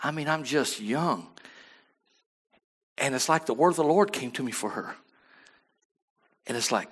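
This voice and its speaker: A man preaching a sermon as pastor, dropping to quiet asides and then rising to loud emphatic lines, often asking the congregation to agree. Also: lively intonation, measured pace, long pauses, slightly rough. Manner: swings from low murmurs to loud emphatic bursts.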